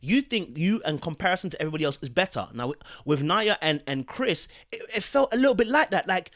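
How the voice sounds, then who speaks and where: A man running his podcast with a somewhat high voice for a man. He talks like he is preaching, emphatic and full of slang, and keeps stopping to ask if you follow him. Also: sing-song, a little fast, a bit bright. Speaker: podcast host. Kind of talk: opinionated podcast commentary.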